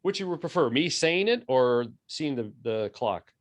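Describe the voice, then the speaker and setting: A man's voice: medium pitch, lively intonation, normal speed. A man chatting casually with a radio host before the show, easily amused. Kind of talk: casual chat.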